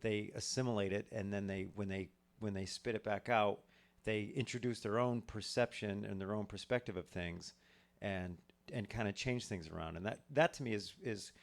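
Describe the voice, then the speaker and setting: A man's voice: fairly low pitch, fairly even intonation, moderate pace, gravelly. A man co-hosting a podcast in casual chat, thoughtfully explaining his ideas at length. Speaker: podcast co-host.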